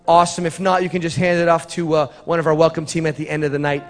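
A man's voice: on the high side, fairly even intonation, fast. A man giving church announcements and leading a prayer in a chatty, rambling way with joking asides. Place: church sanctuary. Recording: reverberant church hall with faint music.

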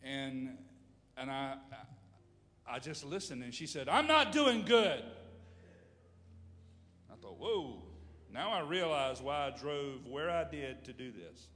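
Male pastor, impassioned sermon delivery, swings loud to low, reverberant church hall. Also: a little slow, a little hiss or hum. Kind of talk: sermon with prayer.

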